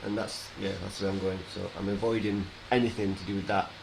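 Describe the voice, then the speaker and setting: A British man chatting as a guest on a casual live stream, laid-back and sweary, often trailing off quietly. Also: deep voice, flat delivery, fast, creaky, slight background noise, rough recording.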